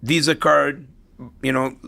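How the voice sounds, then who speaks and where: A man's voice: fairly high pitch, flat delivery, takes it slowly, vocal fry, sharp tone. A middle-aged man, a podcast guest, telling stories in a reflective, motivational way, restarting phrases and tagging them with "right?". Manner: storytelling, repeats himself, tags lines with "right?". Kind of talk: conversational podcast interview.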